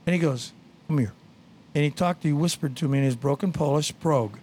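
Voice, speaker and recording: Rambling high-voiced male radio host. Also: fairly quick, a little mellow, a little hiss or hum. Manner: rambling storyteller, blunt asides. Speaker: radio garden show host. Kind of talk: casual radio chat.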